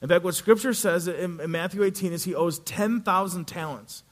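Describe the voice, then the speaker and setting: A male pastor preaching a sermon, telling a story with animated delivery and acting out the characters' voices. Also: sits high, moderate pace.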